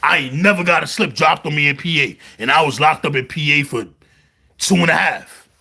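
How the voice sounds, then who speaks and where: A man with a Brooklyn accent, telling jail stories in a casual, animated monologue full of slang. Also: a little high, brisk, vocal fry, slightly rough. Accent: New York, Brooklyn. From New York. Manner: animated storytelling, heavy slang, repeats "you heard". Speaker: vlogger.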